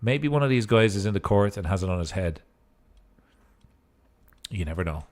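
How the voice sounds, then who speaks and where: A man's voice: fairly low pitch, lively intonation, moderate pace. A man giving casual gameplay commentary as a streamer, in a goofy mood with joking asides. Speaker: gaming streamer.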